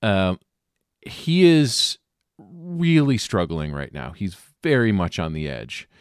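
A man playing in a tabletop horror game, thinking aloud about his character with many pauses and ums. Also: on the low side, sing-song, clear, resonant tone, no room sound, clean studio sound. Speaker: player.

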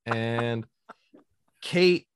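A man's voice: mid-range voice, drawn-out words, smooth, dry recording. A man hosting a podcast in casual chat, rambling and enthusiastic and prone to tangents. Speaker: podcast host.

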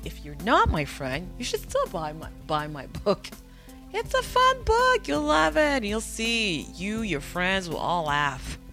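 A woman's voice: fairly low pitch, sing-song, a little slow, few pauses, a bit bright, faint music behind. Chatty, self-mocking woman podcast host. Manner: chatty, self-mocking storyteller with playful jokes. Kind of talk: casual podcast chat.

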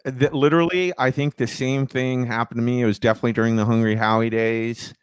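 A man's voice: mid-range voice, fairly even intonation, fast, clear, resonant tone, no room sound. A man co-hosting a podcast, bantering in a laid-back, joking way in casual chat. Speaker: podcast co-host.

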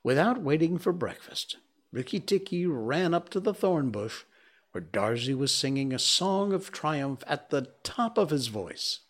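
A man reading a classic story aloud with slow, expressive storybook narration. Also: a little high.

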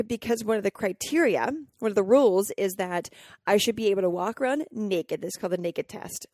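A woman from Colorado hosts her own podcast and tells a personal story. She sounds candid and emotional, with many fillers and restarts. Her voice sits at a middling pitch, and the recording is dry with no room echo. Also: a little mellow. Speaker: podcast host.

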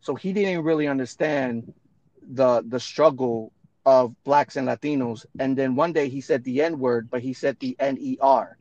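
In a dull recording with no room sound, a man with a mid-range, darkish voice talks at a moderate pace. He's co-hosting a podcast and shares personal stories in casual chat, blunt and emphatic, with plenty of casual profanity.

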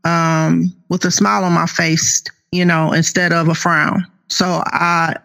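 Woman in her fifties, author guest, gravelly tone, earnest testimony. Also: on the low side, flat delivery, fairly bright tone. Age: 50s. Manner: slow, earnest, faith-filled storytelling. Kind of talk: personal testimony interview.

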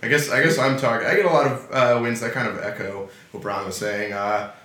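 A man's voice: mid-range voice, steady tone, a little fast, sharp tone, roomy sound. A man co-hosting a podcast, casually reviewing a TV series with lots of fillers and frequent laughter. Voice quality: laughs often, many fillers. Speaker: podcast co-host.

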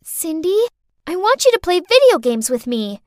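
A woman's voice: very high-pitched, very animated, moderate pace, darkish tone, no room sound, clean studio sound, pitched above the performer's own voice. A woman voicing a scheming little girl who fakes innocence, whining and pleading through tears in a told story. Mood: whiny. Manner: whiny, tearful pleading. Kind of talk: storytelling podcast.

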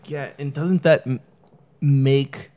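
A man talking through a relaxed conversation, full of "you know" and "like," wandering from point to point. His pitch sits in the everyday middle range, and he slips into quick voices for the people he quotes. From San Diego area. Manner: rambling, many fillers, acts out quoted people. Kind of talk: casual conversation.

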